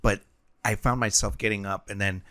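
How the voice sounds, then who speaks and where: Low-voiced man rambling in chat. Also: steady tone, moderate pace, pushed and bright. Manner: rambling, storytelling. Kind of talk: casual chat.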